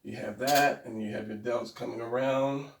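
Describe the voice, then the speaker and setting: A man's voice: mid-range voice, fairly even intonation, moderate pace. A man teaching anatomy drawing in a casual, rambling way, thinking aloud as he sketches. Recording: roomy, mic far from speaker.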